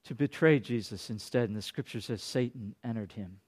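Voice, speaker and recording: A male pastor preaching a sermon, dropping to hushed tones and rising to loud, dramatic peaks. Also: brisk, husky. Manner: dynamic, swinging from hushed to booming.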